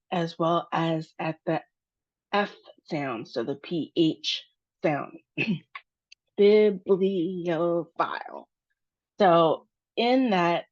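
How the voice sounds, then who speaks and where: American lady teaching pronunciation, slow and careful, kinda low voice, muffled audio. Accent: General American. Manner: patient, over-articulates example words.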